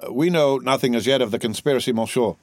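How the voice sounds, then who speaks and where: A man's voice: mid-range voice, fast talker, dry recording, lightly acted. A man voicing a hesitant police officer. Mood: deferential. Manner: hesitant, deferential, with fillers. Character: deferential male police commissary reporting.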